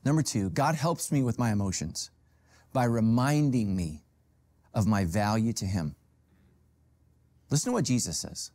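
A middle-aged male pastor preaching a sermon, telling stories with humor and sudden jumps in pitch. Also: lively intonation, normal speed, pauses often, darkish tone. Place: church stage with a golf cart prop.

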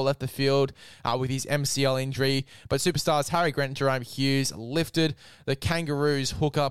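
A man's voice: mid-range voice, clean tone, no room sound. A man hosting, giving a casual sports recap and chatting, dropping "mate" into most sentences. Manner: chatty, says "mate" often. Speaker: host.

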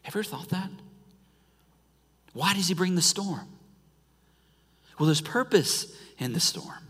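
A pastor delivers a sermon in a church sanctuary. His tone is bright and forceful, and he often drops from loud emphasis to near-whispers. The voice carries a long reverb from the hall. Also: high voice, expressive, measured pace, slightly rough.

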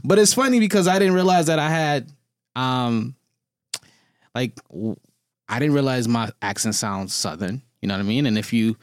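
A man's voice: medium pitch, expressive, moderate pace, dry recording, clean studio sound. A young man from Detroit with a Detroit accent, hosting a casual podcast chat and telling stories with easy laughs. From Detroit, USA. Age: young adult. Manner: laid-back storyteller, laughs often. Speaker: podcast host.

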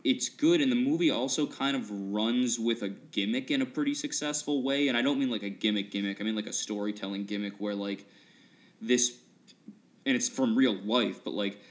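A man's voice: mid-range voice, normal speed. A man co-hosting a casual movie podcast, blunt and opinionated. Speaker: podcast co-host.

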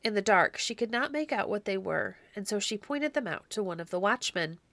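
Woman, storybook narrator, measured and clear, mid-pitched, dry close recording. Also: expressive, a bit bright, no room sound. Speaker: audiobook narrator.

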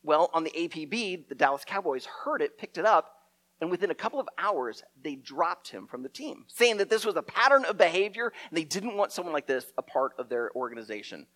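A middle-aged man telling a story as a preacher, animated and often repeating his words. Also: a little high, brisk. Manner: lively storyteller, acts out shouted quotes, stumbles and repeats words.

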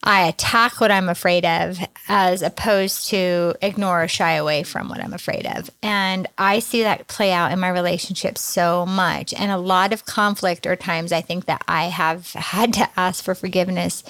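A woman in her forties hosts a casual church podcast in a low, dry voice. She speaks reflectively about her own failings and guides the talk with gentle questions. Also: steady tone, normal speed, few pauses, dry recording.

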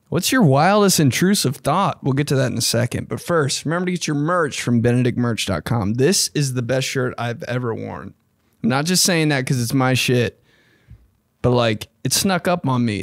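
Lively, profane young podcast host. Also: male voice, creaky, dry recording, clean studio sound. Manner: loose, profane and animated, with sudden jumps in pitch. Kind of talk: casual solo podcast chat.

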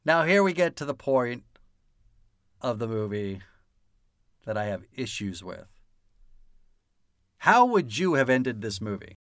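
A man's voice: medium pitch, big pitch swings, unhurried, long pauses, a bit bright, dry recording, clean studio sound. A man co-hosting a casual film podcast, swearing freely and laughing often as he talks. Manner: profane, laughs often, mock-stern teasing. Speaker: podcast co-host. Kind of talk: casual chat about a film.

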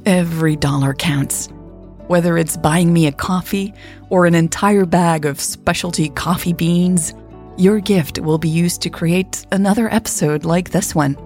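A woman host narrating a scripted audiobook in a calm, measured way. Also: lowish voice, faint music behind.

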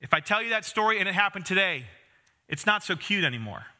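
A man's voice: high voice, expressive, quick pace, pushed and bright. A man in his thirties preaching a conversational sermon, with self-deprecating humor and asides to the congregation. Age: 30s. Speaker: pastor.

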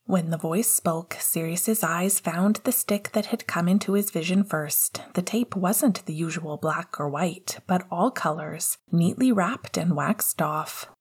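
A woman reading a story aloud in a hushed, intimate whisper. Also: fairly low pitch, measured pace, few pauses, husky. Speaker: audiobook narrator. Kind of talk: soft whispered fan fiction reading.

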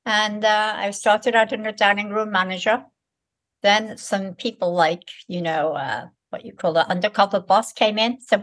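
An elderly woman in her eighties, originally from Liverpool, talks in a brisk, spirited storytelling voice. Her pitch sits at an ordinary middle height for a woman, and she acts out the lines of the people in her stories. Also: fairly bright tone. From Liverpool, England. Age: 80s. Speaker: guest. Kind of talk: conversational storytelling.

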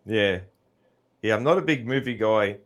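A man's voice: fairly low pitch, normal speed, fairly bright tone. A middle-aged Australian man hosting a podcast, chatting in a laid-back, rambling way and laughing often. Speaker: podcast host. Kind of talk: casual chat.

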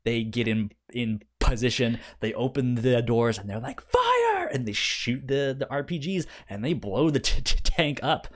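A man co-hosting a podcast, casually recapping a TV series with frequent stammers and repeated syllables, swearing freely and acting out characters' lines. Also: mid-range voice. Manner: acts out characters' lines in quick quoted bursts. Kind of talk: casual chat.

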